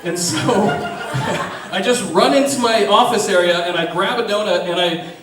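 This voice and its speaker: A man telling a funny story before a live theater audience, animated, laughing often and swearing casually. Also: high-pitched, a little slow, background noise. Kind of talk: live comic storytelling on stage. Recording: echoey theater, distant mic, audience reacting.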